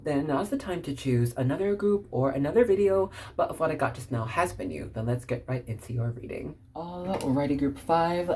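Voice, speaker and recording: A woman's voice: sits low, a little mellow, slightly rough. A woman doing a casual tarot reading for viewers, bubbly and rambling with frequent giggles. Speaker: tarot card reader.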